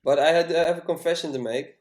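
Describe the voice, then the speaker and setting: A man's voice: fairly high pitch, quick pace, darkish tone, roomy sound. A man chatting casually on a podcast as a music coach, hesitant and full of fillers.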